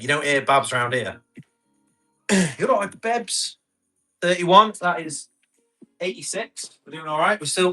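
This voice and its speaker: Man, bright forceful voice, casual live auction chatter, faint music behind. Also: on the high side. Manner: chatty, laughs often, reads out bids and comments. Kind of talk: casual live-stream selling chat.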